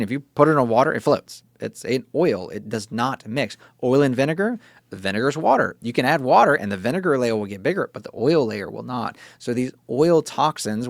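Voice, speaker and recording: A man with a Texas accent, a functional medicine doctor, explaining things in an interview with animated, repetitive emphasis and casual asides. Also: mid-range voice, vocal fry, no room sound. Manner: animated, repeats key words, casual asides.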